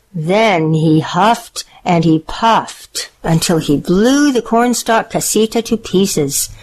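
A woman reading children's picture books aloud in an expressive, clear storytelling voice. Her voice sits slightly low for a woman. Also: poor audio.

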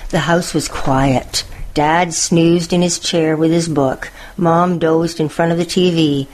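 A woman storyteller reading picture books aloud in a slow, expressive way. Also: sits low.

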